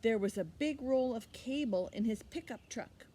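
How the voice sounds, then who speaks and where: A woman librarian reading a picture book aloud to children, expressive and animated, pausing for little asides to the listener. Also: a little high. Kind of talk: storytime read-aloud for children.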